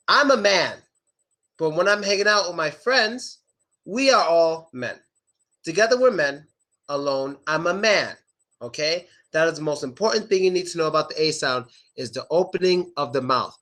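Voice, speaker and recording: Lively bright-voiced man teaching. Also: a little high. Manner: slow, exaggerated demonstration of sounds, repeating words. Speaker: English pronunciation teacher. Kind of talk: online pronunciation lesson.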